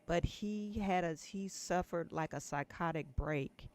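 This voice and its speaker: A man co-hosting a casual live-stream chat, telling a story in a laid-back, rambling way, recorded on a quiet mic with the gain too low. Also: measured pace.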